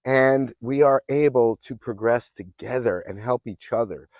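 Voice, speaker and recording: A man's voice: mid-range voice, measured pace, darkish tone, no room sound, dull audio. A man working as a fitness and mindset coach gives an earnest, affirming motivational talk that sometimes rambles and restarts. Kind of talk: motivational self-help talk.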